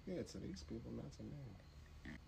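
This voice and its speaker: A man's voice: medium pitch, very animated, a little slow, creaky, warm tone, a little hiss or hum, rough recording. A man in casual chat with his partner, laid-back and teasing, speaking in slang. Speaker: co-host, partner.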